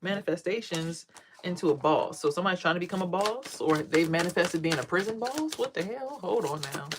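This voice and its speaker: Woman talking aave, cussing a lot, animated vlog story, doing the voices of other people. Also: fairly quick, background noise. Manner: animated, profane, acts out quotes in a high voice. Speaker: vlogger and tarot reader.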